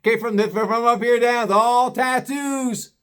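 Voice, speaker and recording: A man's voice: very high voice, steady tone, moderate pace, a bit bright, smooth. A man telling a story in a blunt, profane, scornful rant, slipping into put-on voices for other people. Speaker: vlogger. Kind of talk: ranting storytelling monologue.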